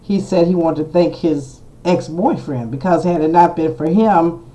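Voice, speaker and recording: Blunt, chatty vlogger with a mellow voice. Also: mid-range voice, normal speed, rough recording. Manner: blunt and outspoken, with the odd curse; chatty, with many fillers and asides. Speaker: vlogger doing astrology readings. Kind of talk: casual opinionated commentary to camera.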